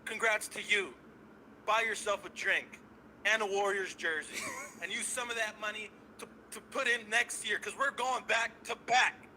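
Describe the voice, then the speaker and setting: A man calling into a show, ranting with loud, cocky excitement and swearing. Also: sits high, normal speed, slight background noise, poor audio. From San Francisco Bay Area. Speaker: caller. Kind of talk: hyped fan call-in rant.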